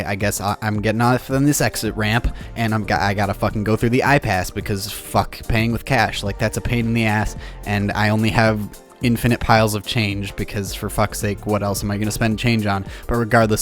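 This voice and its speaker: Young guy vlogger, low-pitched, swearing and ranting, soft music underneath. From Illinois, US. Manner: profane, exasperated rant with rambling restarts. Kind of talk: ranting storytime vlog.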